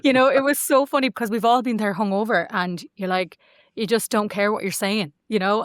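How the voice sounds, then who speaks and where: Irish woman in her 40s, podcast guest, chatty storyteller, mid pitch, dry close sound. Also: no echo. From Ireland. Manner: chatty, animated storytelling with acted-out quotes. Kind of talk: casual chat.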